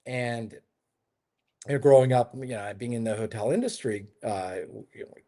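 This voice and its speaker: Guy w/ a middle-pitched voice chatting on a remote interview, rambly, lots of ums and restarts. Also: normal speed, mellow. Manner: chatty storyteller, many fillers and restarts. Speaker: hotel developer, interview guest. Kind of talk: casual conversational interview. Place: his home in Lisbon.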